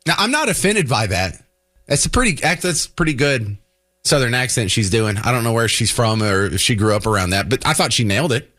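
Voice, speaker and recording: A man hosting a talk radio show, delivering a sarcastic, animated opinion monologue. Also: medium pitch, fairly quick.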